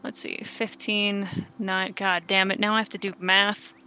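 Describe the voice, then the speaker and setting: A woman runs a tabletop game, her voice bright and clear. She chats along loosely, laughs often and counts up dice totals aloud. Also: medium pitch, level tone, unhurried, highs cut off. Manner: chatty, adds sums aloud, laughs often. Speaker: game master. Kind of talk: running a tabletop game over voice chat.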